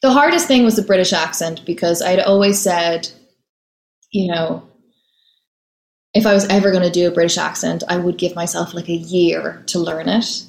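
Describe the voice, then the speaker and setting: A woman, an actress being interviewed, chatting casually and telling stories quickly with easy laughs. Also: lowish voice, roomy sound, poor audio. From Ireland. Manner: chatty, laughs easily, fast storytelling.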